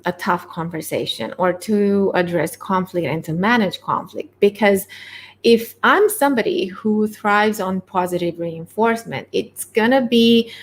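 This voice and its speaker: A woman coaching on leadership in an earnest, conversational way, pausing on fillers, her voice a little hoarse. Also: medium pitch. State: voice catching, slightly hoarse. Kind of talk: webinar-style coaching talk.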